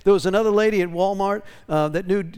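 A man's voice: high voice, fast talker, a little mellow, smooth. A pastor talking casually to his congregation, drawing out testimonies and often checking in with "right?". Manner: conversational, tag questions.

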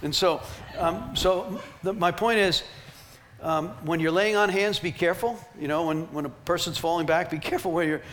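A man leading a ministry team training, telling emphatic, animated stories to teach the group. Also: high voice, moderate pace, a little hiss or hum. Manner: animated, emphatic storytelling with laughs.

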